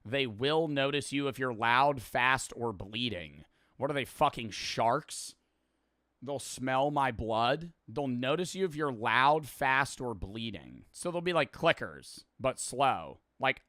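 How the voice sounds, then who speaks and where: A man's voice: mid-range voice, animated, slow, bright, forceful tone, dry recording, studio quality. A man streaming his reactions to a video, talking casually in a rambling, jokey, profane way.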